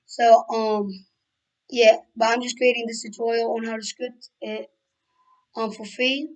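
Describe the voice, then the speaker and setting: Young woman, hoarse and strained, flat-toned, rambling tutorial talk at a desk mic. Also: a little high, measured pace, rough recording. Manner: rambling, many fillers and self-corrections. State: hoarse, losing her voice. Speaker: game development tutorial maker. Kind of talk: screen-recorded tutorial.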